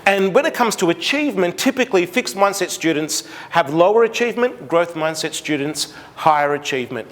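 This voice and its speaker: A middle-aged Australian man giving an animated seminar talk to parents, acting out conversations with his daughter. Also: high voice, brisk, hardly any pauses. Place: large school hall. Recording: long hall reverb.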